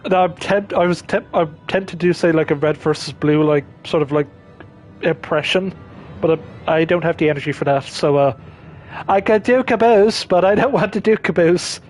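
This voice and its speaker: A man's voice: on the high side, normal speed, a little mellow, faint music behind. Rambling man playing a game. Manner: rambling, self-interrupting, chuckling asides. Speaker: streamer. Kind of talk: casual gameplay commentary.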